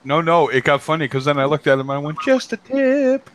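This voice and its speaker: A man hosting a live stream chats casually on a home computer mic, joking around and swearing freely. His voice is on the high side and a bit bright, with a flat delivery and quick pace, plus a little hiss or hum.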